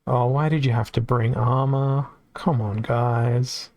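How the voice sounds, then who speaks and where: Man, Australian accent, game streamer, casual commentary, slow and chatty. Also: medium pitch, fairly even intonation, darkish tone. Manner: unhurried, chatty, reacts aloud to the game.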